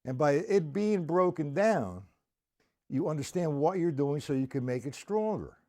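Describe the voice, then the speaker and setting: A man's voice: a little high, animated, unhurried. A man teaching a drum lesson on a live stream, explaining exercises in a patient, conversational way and counting beats aloud. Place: room with a drum set. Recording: loud drum kit playing behind the voice.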